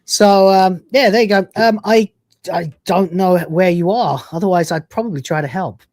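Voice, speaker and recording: A man's voice: high-pitched, moderate pace, darkish tone, dry recording, clean studio sound. A man hosting a casual livestream, joking crudely while reading out donations, his throat still sore from being sick. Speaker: livestream host.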